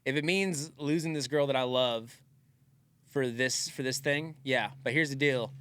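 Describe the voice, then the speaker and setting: A man's voice: mid-range voice, measured pace, a bit bright, smooth, no echo. A man who does stand-up, co-hosting a podcast in casual chat, earnest and rambling with many fillers. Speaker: podcast co-host, stand-up comedian.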